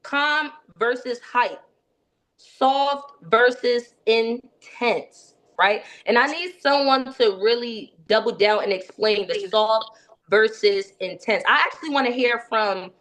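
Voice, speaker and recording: Brisk, high-voiced woman sales coach. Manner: lively coaching, keeps checking in with "right?". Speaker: sales trainer. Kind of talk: training session.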